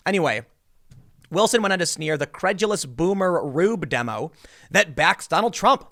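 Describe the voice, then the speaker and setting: A man's voice: a little high, animated, normal speed, fairly bright tone. A man hosting political commentary, talking casually and mocking his targets with sarcasm.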